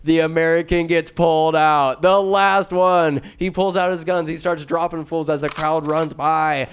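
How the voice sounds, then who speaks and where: A man casually retelling a movie plot with sarcastic, jokey asides, jumping between loud bursts and muttered remarks. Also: on the high side, fairly even intonation, measured pace, slight background noise. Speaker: movie recapper. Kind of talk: casual comedic movie recap.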